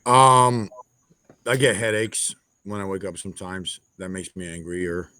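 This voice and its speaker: A man's voice: low-pitched, measured pace, pushed and bright, no room sound. A man, a guest on a podcast, talking bluntly and casually with some swearing.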